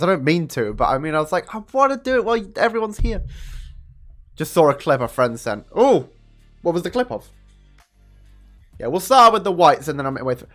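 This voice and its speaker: A young man chats on a home live stream, his pitch leaping around animatedly and sitting a little high for a man. He swears freely and jumps into sudden high excited bursts. Faint music plays under his voice. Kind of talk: casual live-stream chat with viewers. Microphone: desk microphone.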